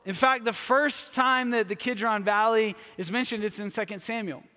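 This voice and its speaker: Guy preaching, high voice, fun and energetic, echoey hall. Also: moderate pace. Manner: energetic, humorous, with playful voiced asides. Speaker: pastor. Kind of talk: sermon.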